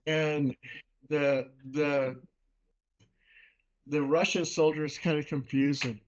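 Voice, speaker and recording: A man hosting a casual video call chat, telling a story in a relaxed way and swearing freely. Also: on the high side, slow, pauses often, muffled recording. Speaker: host.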